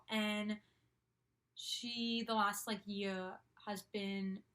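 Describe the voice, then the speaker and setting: This young woman, a vlogger in her college years, has a medium-pitched, fairly bright voice. She gushes through a casual story, constantly saying "like" and leaning heavily on fillers such as "um."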